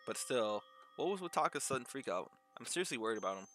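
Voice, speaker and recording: A man's voice: mid-range voice, big pitch swings, quick pace, bright, forceful tone, slight background noise. A man playing a video game, reading the narration aloud and adding loose, joking asides. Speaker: gamer reading a visual novel. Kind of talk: let's play commentary and reading.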